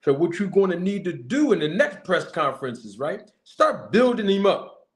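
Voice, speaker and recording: A man's voice: high-pitched, very animated, normal speed. A man commenting to camera as a boxing manager, giving a young fighter emphatic, repetitive advice and addressing him directly. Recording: echoey room.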